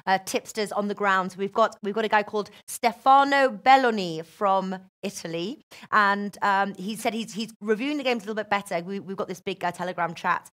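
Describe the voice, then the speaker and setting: A woman hosting a casual football betting chat, lively and talkative. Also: mid-range voice, a little fast, few pauses. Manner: chatty, lively, restarts. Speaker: host.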